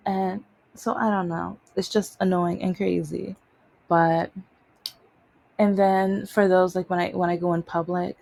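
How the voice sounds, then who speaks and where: A woman telling stories in a casual vlog, exasperated and animated, mocking the things people say to her. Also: on the low side, a little slow, vocal fry. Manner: animated, exasperated retelling with mocking quoted voices. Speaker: vlogger.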